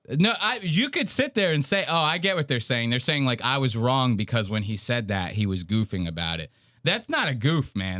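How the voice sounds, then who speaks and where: A man riffing on a podcast in casual, profane banter. His pitch swings widely as he mocks and jokes. The sound is dry and close to the mic. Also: dry recording. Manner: animated, swearing, mocking. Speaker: podcast co-host.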